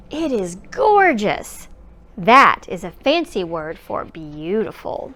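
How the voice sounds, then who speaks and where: A woman reading a children's storybook aloud in an expressive, animated way. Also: mid-range voice, takes it slowly. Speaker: storybook reader.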